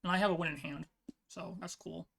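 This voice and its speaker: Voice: medium pitch, fairly even intonation, fairly quick, vocal fry, fairly bright tone, a little hiss or hum. A player thinking aloud in casual commentary over their own online card game match, peppering speech with "like". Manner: thinks aloud, frequent "like" fillers.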